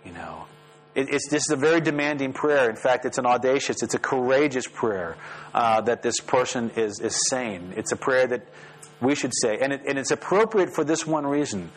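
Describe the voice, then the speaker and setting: A man preaching a sermon as pastor, lively and rising sharply in pitch when he voices the prayers. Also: normal speed, poor audio. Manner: animated, rises sharply when voicing prayers. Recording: faint mains hum.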